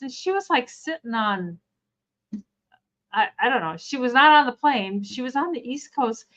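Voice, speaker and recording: A woman's voice: sits high, normal speed. A woman co-hosting a live stream, telling stories casually and trailing off into restarts. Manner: animated storyteller, trails off and restarts. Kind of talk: casual storytelling chat. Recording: slightly muffled live stream audio.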